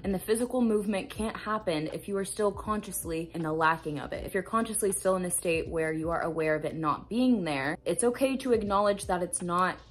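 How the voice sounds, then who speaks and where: A woman with a slightly low, husky voice gives a motivational self-help talk to camera. She sounds casual yet earnest and emphatic, and she drives points home by repeating phrases. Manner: casual, swears now and then. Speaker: manifestation coach.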